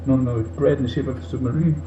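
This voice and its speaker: A man voicing an elderly queen who speaks in a brisk, matter-of-fact way. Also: mid-range voice, fairly even intonation, close to an everyday voice. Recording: muffled, roomy, faint hiss.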